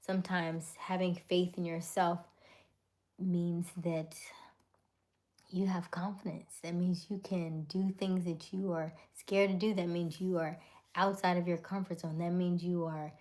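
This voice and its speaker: A woman hosting a live stream, greeting viewers by name and giving gentle, encouraging advice. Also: on the low side. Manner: greets viewers and reads comments aloud.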